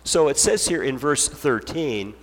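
A man's voice: medium pitch, lively intonation, a little slow, big-room sound. A man preaching a sermon as pastor, earnest and emphatic, driving points home with repetition.

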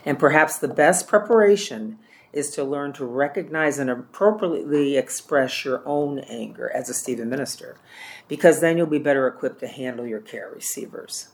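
A man teaching a church care-ministry class, with a voice of ordinary middle pitch. He speaks plainly and often repeats or corrects himself as he goes. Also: normal speed.

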